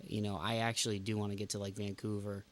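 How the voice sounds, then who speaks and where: A man's voice: fairly low pitch, level tone, quick pace, slight background noise. A man hosting a podcast in casual chat, ranting with emphatic outbursts. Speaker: podcast host.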